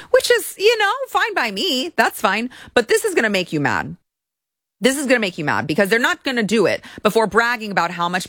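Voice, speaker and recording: A woman's voice: deep voice, a bit bright, dry recording, studio quality. A woman hosting an opinionated commentary show, speaking in a sarcastic and scornful way.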